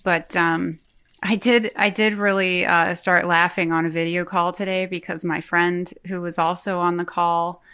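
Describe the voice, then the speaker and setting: A woman's voice: fairly low pitch, flat delivery, measured pace, sharp tone, clean tone. A woman co-hosting a podcast, telling a story in a chatty, giggly way. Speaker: podcast co-host. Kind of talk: casual podcast chat.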